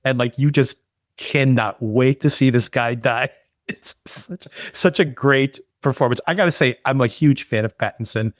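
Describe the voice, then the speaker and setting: A man's voice: mid-range voice, normal speed, dry recording, studio quality. A man co-hosting a podcast, enthusiastically reviewing a film in casual chat, rambling with lots of fillers. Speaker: podcast co-host.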